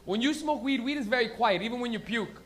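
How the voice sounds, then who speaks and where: A man's voice: very high voice, animated, quick pace. A young man hosting a stand-up comedy show, rambling and giggling through stoned banter with a live crowd. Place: small comedy stage with live audience.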